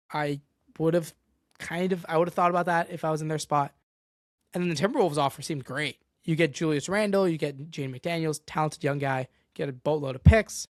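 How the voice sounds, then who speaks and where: A man's voice: fairly high pitch, a bit bright, no room sound, clean studio sound. A young man hosting a solo sports podcast, ranting with exasperation and going off on tangents. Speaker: podcast host.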